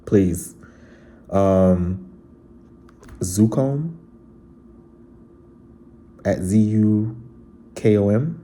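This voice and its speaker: This vlogger's voice sits on the low side and sounds mellow, and he talks extremely slowly, pausing often. Reading viewer comments aloud, he chats casually and earnestly, speaking straight to his audience with heartfelt sincerity.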